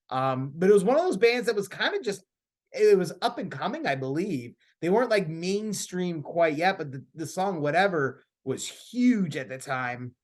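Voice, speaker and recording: Man, podcast host, casual chat, animated storyteller, high pitch. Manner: animated storyteller, laughs as he talks.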